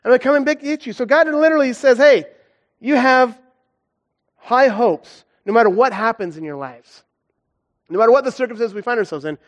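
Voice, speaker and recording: Earnest high-voiced man preaching. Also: fairly quick. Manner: earnest, conversational, emotional swings. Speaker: guest preacher. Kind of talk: sermon with personal testimony.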